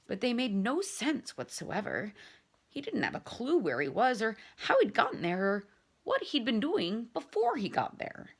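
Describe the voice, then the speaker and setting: A woman reading a novel aloud in an expressive, dramatic storytelling manner. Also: on the high side, a little slow. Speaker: reader.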